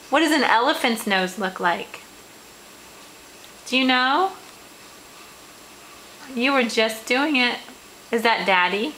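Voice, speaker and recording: A mother talking to her toddler in a home video at mealtime, coaxing him slowly and praising him often, recorded on a handheld camera. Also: on the high side, sharp tone, a little hiss or hum, rough recording. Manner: coaxing, slow and encouraging, with repeated praise.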